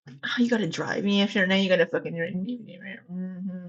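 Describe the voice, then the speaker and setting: A woman reacts live for her viewers in a loose, teasing chat and now and then swears. Her voice is husky and slightly breathy. The recording sounds dull and lo-fi. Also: fairly low pitch, normal speed. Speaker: livestream reaction host.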